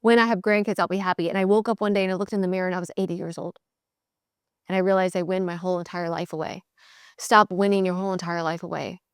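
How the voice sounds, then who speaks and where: A woman's voice: lowish voice, quick pace, clear, resonant tone. Casual blunt lady coaching sales on her podcast, dry sound, no room echo. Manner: blunt, animated, mimics voices in quotes. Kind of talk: casual motivational talk.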